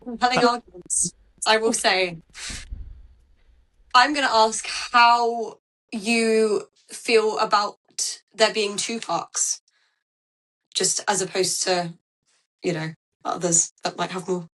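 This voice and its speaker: A woman in a casual group chat asking a question in a measured, mildly teasing way. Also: medium pitch, fairly even intonation, a bit bright, poor audio.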